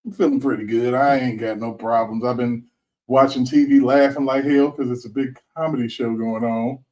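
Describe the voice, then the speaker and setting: A man hosting a casual commentary show, talking in an animated, slangy way and laughing often. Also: medium pitch, moderate pace, distant mic, low-quality recording. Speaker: host.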